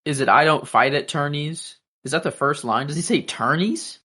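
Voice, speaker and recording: A man's voice: on the high side, moderate pace, pushed and bright, husky. A man co-hosting a podcast, chatting casually in a musing, hesitant way. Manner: musing, hesitant, many fillers and restarts. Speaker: podcast co-host. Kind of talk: casual chat.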